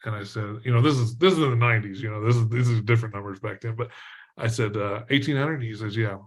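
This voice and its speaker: A man's voice: fairly low pitch, fast talker. Middle-aged guy from texas telling stories on a podcast, laughs a lot, lots of um and you know. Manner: animated storyteller, laughs often, many fillers. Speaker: podcast guest, entrepreneur. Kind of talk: storytelling in an interview.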